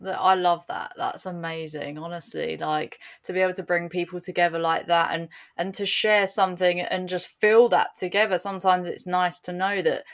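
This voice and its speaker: Female podcast host, slightly low pitch, relaxed agreeable interviewer. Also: normal speed, few pauses. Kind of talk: casual interview chat.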